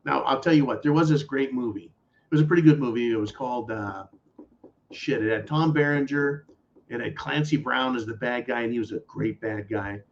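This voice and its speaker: A man's voice: mid-range voice, moderate pace, slight background noise. A man hosting a political talk show, ranting bluntly with profanity and mockery. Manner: blunt, profane, angry and mocking. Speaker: podcast host. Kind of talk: political commentary rant. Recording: dull lo-fi audio.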